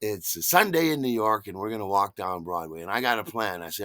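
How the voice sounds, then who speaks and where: An older man hosts and tells a personal story, theatrical and animated, veering from booming to hushed. His voice is bright and forward, with a pitch that jumps widely. The sound is close and dry. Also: fairly quick, few pauses, no echo. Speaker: podcast host.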